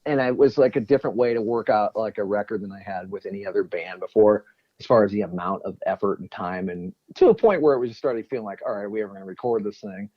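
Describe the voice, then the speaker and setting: A man's voice: on the low side, fast talker, dry recording. A man in casual podcast chat as a guest co-host and former bandmate, rambling and joking. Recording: muffled lo-fi audio.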